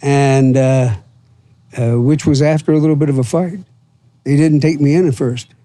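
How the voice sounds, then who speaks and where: Old florida guy rambling through army stories, cussing a lot, warm low tone, dead dry room. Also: fairly even intonation, normal speed, dry recording. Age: 70s. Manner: rambling, profane, full of fillers and acted quotes. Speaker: podcast guest. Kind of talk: casual storytelling.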